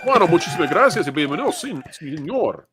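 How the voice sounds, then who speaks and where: A man's voice: on the high side, very animated, fast, a crowd in the background. A man hosting a livestream panel, upbeat and playful, with jokes between introductions. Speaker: host.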